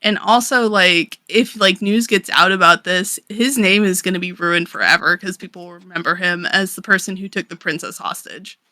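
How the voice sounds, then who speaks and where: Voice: mid-range voice, fairly even intonation, moderate pace, few pauses, bright, forceful tone, no echo, rough recording. A podcast co-host casually recapping a comic story, rambling with lots of fillers, frequent swearing and laughter.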